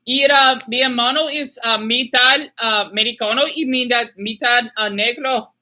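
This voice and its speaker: Woman livestreamer, high bright voice, halting, lots of ums, casual chat. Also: fairly even intonation. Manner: halting, many fillers, switches into hesitant Spanish. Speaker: livestreamer reading viewer messages. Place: lives in Phoenix.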